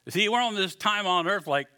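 A man preaching a sermon, animated and joking, acting out the people in his story. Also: high voice, a little slow, smooth. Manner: animated, acts out voices with humor. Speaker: pastor.

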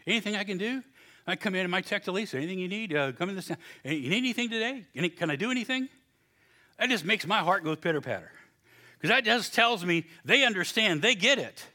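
An older man, a pastor, preaching an animated sermon, acting out little voices and laughing at his own stories. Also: high-pitched.

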